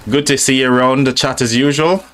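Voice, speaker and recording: A man's voice: medium pitch, steady tone, fairly quick, fairly bright tone. A man with a British accent hosting a live stream, chatting casually and reading out viewer comments, friendly and calling people mate and buddy.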